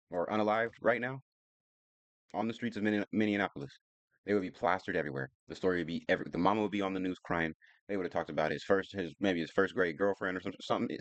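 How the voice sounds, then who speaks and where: A man's voice: sits low, no room sound. A man hosting a reaction commentary, talking bluntly and preaching straight at his viewers. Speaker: commentary host reacting to clips.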